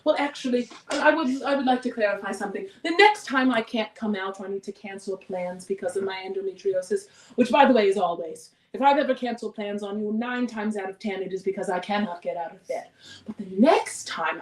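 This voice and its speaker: A woman's voice: mid-range voice, a little fast, distant mic. A woman performing a live solo stage monologue, wry and candid, sighing and swearing as she talks. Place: theater stage before an audience. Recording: echoey stage recording from afar, music behind.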